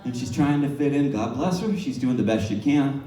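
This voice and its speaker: A man's voice: medium pitch, animated, normal speed, dark tone. A male stand-up comedian telling profane, rambling stories at a bar. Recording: echoey bar from a distance. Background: laughing crowd.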